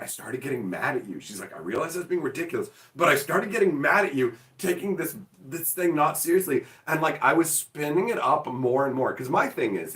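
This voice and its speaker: A man's voice: mid-range voice, a bit bright. A man hosting a card game channel, chatting casually and rambling with lots of "like", often laughing. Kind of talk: casual chat. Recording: echoey room, mic at a distance.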